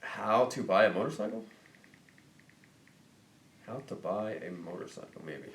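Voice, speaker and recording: A man hosting a casual livestream, reading viewer questions aloud and thinking out loud in a rambling, jokey way. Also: lowish voice, measured pace, reverberant, slight background noise. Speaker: host of a motorcycle dealership livestream.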